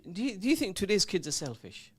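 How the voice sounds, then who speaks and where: A man's voice: high voice, very animated, brisk, fairly bright tone, husky. A man hosting a radio talk show, giving earnest, emphatic advice that lists points and repeats them.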